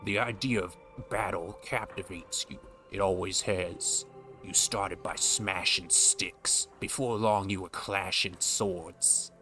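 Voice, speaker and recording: A man voicing a tough male brawler in a game, with a slow, growling mock-tough accent. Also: low-pitched, steady tone, sharp tone, soft background music, voice pushed down, exaggerated voice. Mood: gruff.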